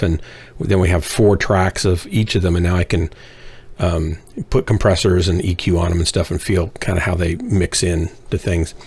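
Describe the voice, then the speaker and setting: A middle-aged man hosting a game stream, chatting casually in a joking, rambling way. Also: sits low. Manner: joking, rambling, self-mocking. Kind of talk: casual chat.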